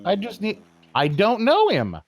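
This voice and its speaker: A man from Texas guesting on a casual podcast, defensive and halting. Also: high-pitched, wildly swooping pitch, creaky, over loud music.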